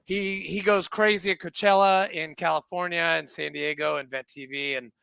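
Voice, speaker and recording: A man's voice: on the high side, steady tone, normal speed, gravelly, pushed and bright, smooth. A man hosting a podcast in casual, joking banter with a lot of swearing. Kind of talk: casual chat.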